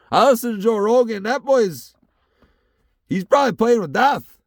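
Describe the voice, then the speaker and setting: A young man talks alone from his truck, ranting loosely and swearing at every turn. His voice sits high and has a gravelly edge. The sound is dry and close, with no room echo. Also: lively intonation, normal speed. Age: young adult. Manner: profane, rambling, heated. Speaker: solo podcast host. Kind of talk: casual solo rant.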